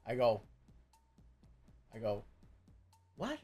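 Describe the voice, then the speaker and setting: Animated jersey guy telling a bar story. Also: medium pitch, very slow, husky, faint music behind. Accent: New Jersey. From Jersey City, USA. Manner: animated, profane, stammering restarts. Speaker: streamer host. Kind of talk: casual storytelling chat.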